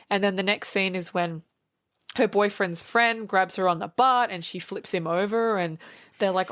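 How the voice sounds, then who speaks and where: A woman co-hosting a podcast, chatting casually about a movie and acting out quoted lines with animated energy. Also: mid-range voice, unhurried, no room sound, studio quality. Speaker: podcast co-host. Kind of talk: casual movie review chat.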